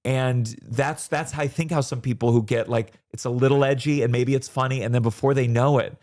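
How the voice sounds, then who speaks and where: A comedian chatting casually as a guest, animated and quick, with sudden rises in pitch when he makes a point. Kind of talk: casual conversation.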